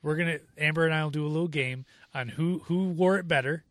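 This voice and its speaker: A man co-hosting a casual movie review podcast, jokey and quick to laugh. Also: on the high side, a bit bright, no room sound. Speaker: podcast co-host.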